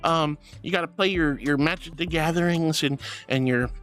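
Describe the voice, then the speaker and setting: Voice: medium pitch, normal speed, fairly bright tone, soft background music. A streamer in casual live-stream chat, thanking viewers and calling them sweetie and honey, laughing often.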